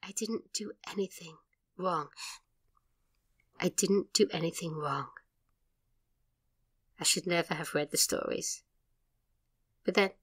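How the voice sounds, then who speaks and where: A woman playing an anxious young librarian haunted by stories, in a horror audio drama trailer, hushed and pleading. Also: fairly low pitch, heavily acted.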